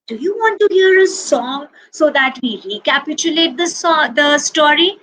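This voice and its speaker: A woman from India telling stories to preschool children in an animated, expressive way, dropping to whispers and singing refrains. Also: high voice, normal speed, few pauses, rough recording. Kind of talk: storytelling to young children.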